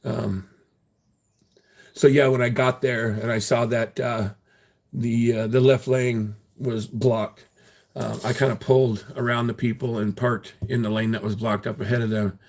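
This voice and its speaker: A man's voice: mid-range voice, flat delivery, unhurried, a little mellow. Profane, rambling man on a livestream. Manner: taunting, profane, laughing at viewers; rambling with many fillers and restarts. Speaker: livestreamer reading chat. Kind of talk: casual livestream chat.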